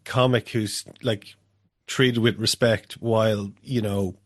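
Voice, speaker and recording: A man's voice: fairly low pitch, fairly even intonation, takes it slowly, no echo. A man co-hosting a podcast, chatting bluntly and swearing freely. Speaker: podcast co-host. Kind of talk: casual podcast chat.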